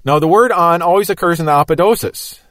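A man's voice: fairly high pitch, fast, a bit bright, no echo. A man giving a Bible teaching lecture, explaining step by step in an emphatic, methodical way.

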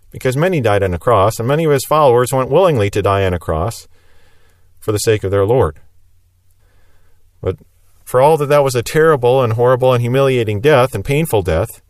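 A man delivering a sermon, explaining a scripture passage in an earnest voice and leaning on repeated phrases for emphasis. His voice sits in a middle register. The recording is dry, with no room echo. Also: medium pitch. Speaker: preacher.

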